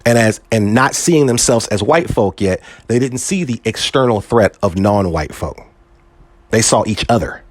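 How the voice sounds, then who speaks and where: A man hosting a podcast, delivering a casual, profane monologue in slang and jumping his pitch up for emphasis. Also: animated, normal speed, no echo. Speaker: podcast host.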